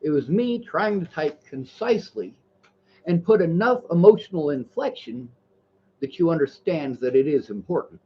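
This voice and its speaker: A man's voice: fairly high pitch, breathy edge, dull audio. A man livestreaming, reading viewer messages and lecturing in a heated, profane rant.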